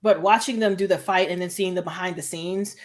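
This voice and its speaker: A woman co-hosting a casual fan discussion of a TV show, animated, laughing often and repeating phrases for emphasis. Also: fairly low pitch, fairly quick.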